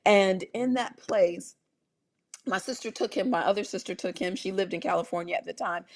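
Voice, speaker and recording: A middle-aged woman doctor telling a personal story in a health talk, animated, with many restarts and fillers. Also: medium pitch, normal speed.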